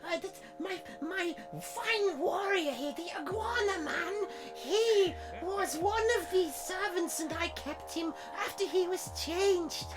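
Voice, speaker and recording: A woman's voice: very high voice, slow, hardly any pauses. A woman voicing a whimsical woman who delights in reshaping her servants, in an airy, gushing manner in a tabletop role-play. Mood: delighted. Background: background music.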